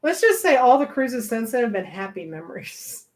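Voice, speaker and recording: A middle-aged woman co-hosting a travel live stream, telling stories in a lively, animated way and acting out the people she quotes. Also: normal speed. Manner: animated, acts out quoted voices with big pitch jumps. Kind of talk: casual storytelling chat.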